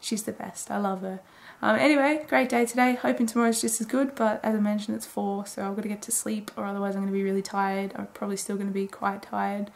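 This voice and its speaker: A woman's voice: mid-range voice, level tone, quick pace, vocal fry, hardly any pauses. A woman in her twenties rambling casually through a late-night video diary, chatty and full of fillers. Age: 20s. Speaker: daily vlogger.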